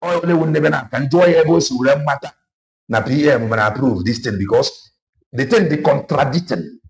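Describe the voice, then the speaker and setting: Man, Nigerian Igbo accent, gravelly voice, impassioned political commentary, repeats for emphasis. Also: medium pitch, brisk. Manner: switches between Igbo and English, emphatic and repetitive.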